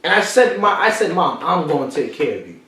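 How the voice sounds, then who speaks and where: A man's voice: on the high side, sing-song, a little fast, a bit bright, far from the mic. A man, telling a personal story as a motivational podcast host. He repeats his key phrases like a preacher. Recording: echoey room, off-mic, faint noise.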